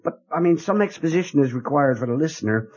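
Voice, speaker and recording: A man's voice: a little high, lively intonation, quick pace, a little mellow, husky. A man narrating and hosting a comic radio play, with a dry, impatient manner. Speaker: narrator and host. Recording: dull lo-fi radio audio.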